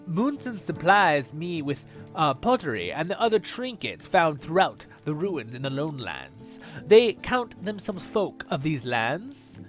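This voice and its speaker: A man's voice: on the high side, highs cut off, pitched above the performer's own voice. A man voicing a worried trader in a video game, with a put-on Scottish accent, stumbling over the lines. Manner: stumbling read-aloud quest text. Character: put-upon male trader short of pottery.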